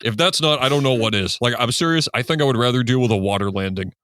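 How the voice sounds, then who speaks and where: A man's voice: mid-range voice, fast talker, fairly bright tone, a little hiss or hum. A man co-hosting a comedy podcast, riffing sarcastically in casual chat. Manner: riffing, sarcastic, bits of mock singing. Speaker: podcast co-host.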